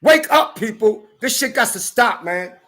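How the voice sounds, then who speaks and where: A man delivering a heated, profane rant to camera, often breaking into shouts. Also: high-pitched, animated, a little slow. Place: California.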